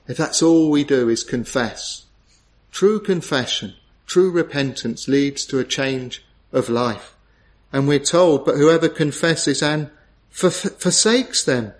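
Brief: male preacher, slightly high voice, earnest and pleading, full of rhetorical questions. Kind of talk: sermon.

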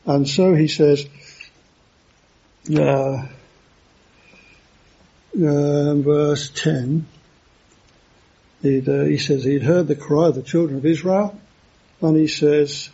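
Halting preacher with a husky voice. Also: male voice, a little high, fairly even intonation, warm tone, lo-fi sound. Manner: halting, with many fillers and restarts. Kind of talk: sermon.

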